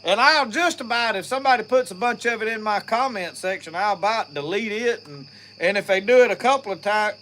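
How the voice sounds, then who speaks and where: Folksy Mississippi man with a bright voice. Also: high voice, animated, brisk, slight background noise. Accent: Southern US, Mississippi. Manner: folksy, rambling, talks to viewers and the dog. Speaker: outdoors channel host. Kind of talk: casual live-stream chat. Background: faint crickets and insects.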